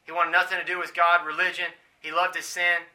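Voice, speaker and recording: A man preaching a sermon, swinging from hushed pleading to loud shouting. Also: high voice, flat delivery, a little fast.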